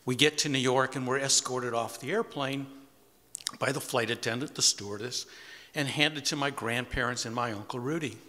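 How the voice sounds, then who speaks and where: A man's voice: medium pitch, normal speed, pushed and bright. A man in his sixties telling a personal story to a live audience in an easygoing, wry, conversational way. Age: 60s. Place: community center hall with audience. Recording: long hall reverb.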